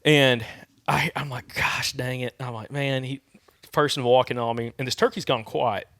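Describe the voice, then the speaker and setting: A man with a Southern American accent, co-hosting a podcast and telling an animated hunting story, imitating turkey calls as he goes. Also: mid-range voice, normal speed, no room sound, studio quality. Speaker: podcast co-host. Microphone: studio microphone.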